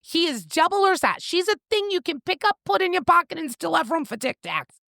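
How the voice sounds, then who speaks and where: A woman's voice: very high-pitched, sing-song, a little fast, gravelly, pushed and bright, no echo, clean studio sound. A woman co-hosting a book podcast, casually retelling a novel's plot in a playful, swearing, storytelling way.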